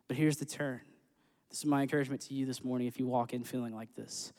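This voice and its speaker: A man's voice: mid-range voice, a little mellow, smooth. A man speaking as a church worship leader, upbeat and joking, then earnestly reading scripture. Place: church sanctuary. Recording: echoey church hall with long reverb.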